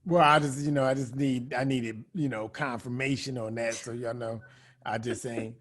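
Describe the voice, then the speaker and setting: A man's voice: medium pitch, fairly even intonation, moderate pace, a bit bright. A man co-hosting a call-in show, a comedian who teases and laughs easily in casual chat. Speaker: co-host, comedian.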